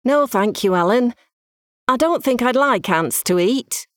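A woman voicing a gentle, polite male crocodile who has lost his glasses, in a storybook reading. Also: on the high side, expressive, a little slow, dry recording, studio quality, pitched above the performer's own voice.

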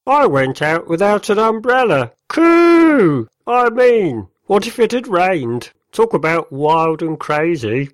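A man's voice: sits high, takes it slowly, hardly any pauses, dry recording, clean studio sound, voice pushed up, heavily acted. A man playing a gleefully boring dad. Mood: mock-excited. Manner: mock-excited, gleeful over tiny things. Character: cheerfully dull, bookish grown-up dad.

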